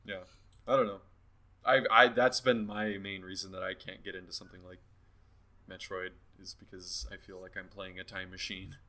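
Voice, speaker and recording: A man's voice: low voice, flat delivery, normal speed, pushed and bright. A man co-hosting a podcast in casual chat, talking in a sarcastic, mocking way. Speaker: podcast co-host.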